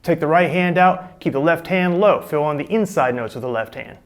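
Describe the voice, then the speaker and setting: A man's voice: on the high side, moderate pace, noisy background. A middle-aged man giving a casual, chatty drum lesson, explaining and demonstrating technique. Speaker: drum teacher.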